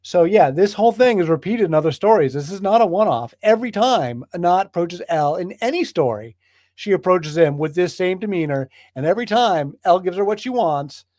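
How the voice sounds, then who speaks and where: With a high-sitting, lively, darkish voice, a man leads a Bible study group in a casual lecture at a slightly fast pace. The studio-quality recording is dry, and he builds enthusiasm through emphatic, repeated phrases.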